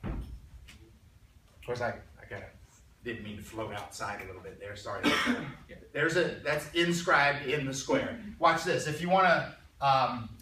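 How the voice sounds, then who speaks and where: Guy teaching math to a class, bright forceful voice, keeps clearing his throat, echoey room mic far off. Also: medium pitch, normal speed, long pauses, a little hiss or hum. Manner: conversational, keeps checking in with students. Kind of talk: classroom lecture. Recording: roomy classroom sound from a distance.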